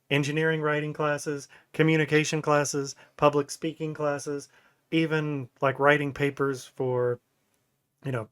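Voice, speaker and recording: A man's voice: on the high side, fairly bright tone. A man in his thirties, co-hosting a casual podcast chat, who tells rambling stories and laughs often. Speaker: podcast co-host.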